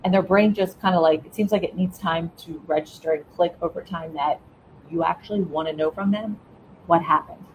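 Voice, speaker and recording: A middle-aged woman with a fairly low voice talks as a podcast guest. She walks through her method step by step, draws on her years as a school principal, and keeps asking "right?" as she goes. A faint hum of noise sits under her voice. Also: normal speed, darkish tone, rough recording. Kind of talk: casual interview talk.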